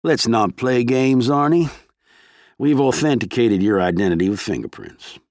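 Guy doing a cold southern hitman, lazy drawl, unhurried and threatening. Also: mid-range voice, expressive, a little mellow, no room sound, studio quality, close to an everyday voice. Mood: menacing. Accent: American Southern. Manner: slow drawl. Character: menacing male gunman, slow and cold.

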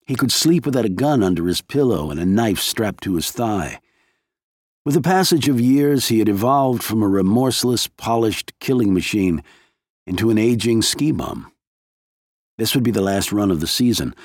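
Low-voiced male thriller narrator. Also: a little mellow, no room sound, studio quality. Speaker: audiobook narrator.

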